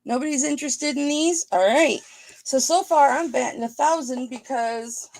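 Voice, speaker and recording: A woman hosting a live online jewelry auction, chatting playfully with her viewers and thinking out loud. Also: sits high, normal speed, a little hiss or hum. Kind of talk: casual live-stream auction patter.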